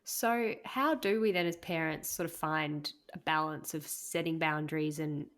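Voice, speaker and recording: A woman's voice: deep voice, normal speed, a bit bright. A woman hosting a podcast interview, asking questions tentatively and thinking aloud. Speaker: podcast host.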